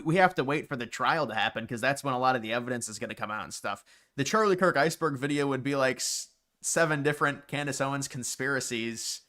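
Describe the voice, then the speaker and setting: A man hosting a casual live stream, chatting and reacting quickly while answering chat questions. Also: mid-range voice, fairly bright tone. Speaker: livestream host.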